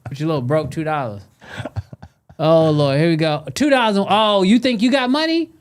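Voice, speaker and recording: A man's voice: on the high side, moderate pace, smooth. A man co-hosting a livestream, teasing viewers in casual banter. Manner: playful teasing, animated and loud bursts. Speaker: podcast co-host.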